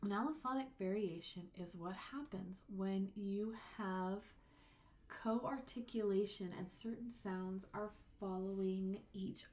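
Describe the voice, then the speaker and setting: A woman instructor giving a recorded lecture. She explains with patience and says her example words slowly, drawing them out. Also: medium pitch, darkish tone. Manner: slow, drawn-out example words.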